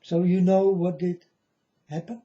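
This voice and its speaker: A slow, mellow man with a high-pitched voice and a flat delivery gives a casual spiritual monologue to viewers. He repeats himself and keeps asking "you understand?", heard on a dull lo-fi recording.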